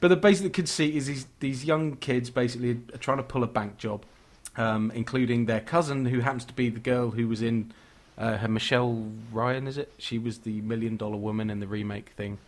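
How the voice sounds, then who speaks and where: A man's voice: medium pitch, a little fast. Man, podcast co-host, eager rambling chat with laughs. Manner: enthusiastic, laughing, rambling with restarts. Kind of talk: casual horror film chat.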